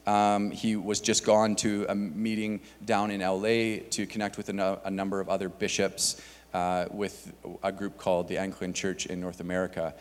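Casual church guy reading out announcements, lots of uhs, deep-ish voice, echoey sanctuary. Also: level tone, moderate pace. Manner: casual, many filler words. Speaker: church staff pastor. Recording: long hall reverb.

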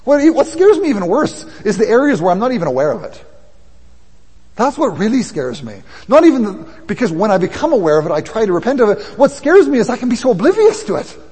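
A man's voice: high voice, wildly swooping pitch, quick pace, darkish tone, slightly rough. A man preaching a sermon in a conversational way that builds in intensity. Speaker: pastor. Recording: long hall reverb.

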